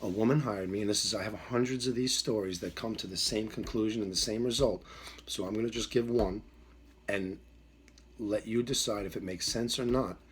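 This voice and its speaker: A man's voice: fairly low pitch, fairly even intonation, fairly quick, slight background noise. A middle-aged man, a dog trainer, telling a story in an emphatic, repetitive way and acting out the voices in it. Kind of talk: storytelling monologue.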